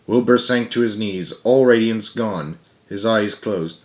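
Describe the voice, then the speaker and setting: A man reading a children's classic aloud as a storyteller, in a relaxed manner. He tosses in wry little asides between passages. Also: lowish voice, a little slow. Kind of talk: children's book read-aloud.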